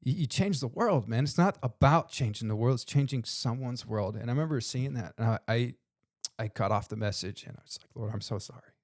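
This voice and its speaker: A man's voice: medium pitch, a little fast, no echo, studio quality. A man co-hosting a podcast, talking earnestly about faith and calling his guest "dude" and "man". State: tearful while telling a story. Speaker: podcast co-host. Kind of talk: casual podcast conversation.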